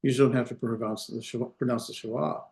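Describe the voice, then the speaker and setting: A man's voice: mid-range voice, fairly even intonation, fast, vocal fry, a little mellow, reverberant. Patient man teaching over a video call. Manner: patient, explains step by step with many fillers. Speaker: Hebrew instructor. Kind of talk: online classroom lecture.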